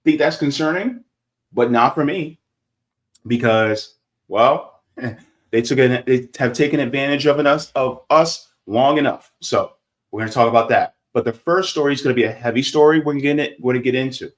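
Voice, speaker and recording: A man hosting a casual livestream, reading viewer comments aloud and chatting, growing loud and animated when heated. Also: mid-range voice. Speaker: livestream host.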